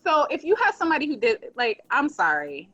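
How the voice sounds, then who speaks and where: A woman's voice: sits high, wildly swooping pitch, a little fast, a bit bright, lo-fi sound, soft background music. A young woman co-hosting a casual podcast, talking bluntly and with indignation about a coworker. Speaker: podcast co-host, bartender.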